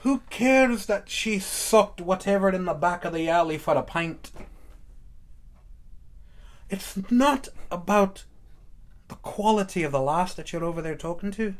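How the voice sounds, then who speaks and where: A man's voice: high-pitched, voice pushed up, lightly acted. A man putting on a crude, swaggering mock Irish brogue as a boisterous barroom character.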